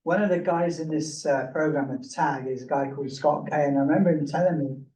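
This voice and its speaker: Higher-voiced man, self-deprecating, engaging, echoey room, distant mic. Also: fast, warm tone. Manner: engaging, polls the audience, self-deprecating humor. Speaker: workshop speaker. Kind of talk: casual talk to a group. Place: meeting room with a live group.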